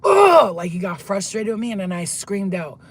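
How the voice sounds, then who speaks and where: A woman vlogger who tells a dream in a rambling, excitable way from a parked car. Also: lowish voice, a little fast. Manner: rambling, excitable, swears when flustered. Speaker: spiritual vlogger. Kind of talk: casual storytelling, recounting a dream. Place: car, pulled over.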